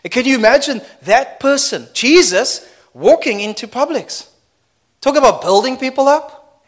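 A man preaching a sermon in an animated, conversational way, often laughing and asking the crowd questions. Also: very high-pitched, moderate pace.

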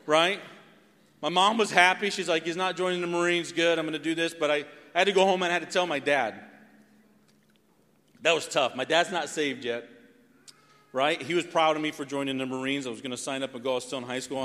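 A man's voice: fairly high pitch, fast talker. A man in his forties from North Carolina giving a sermon testimony, telling his story with lots of "right?". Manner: animated storytelling with frequent "right?". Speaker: preacher. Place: church sanctuary. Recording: long hall reverb.

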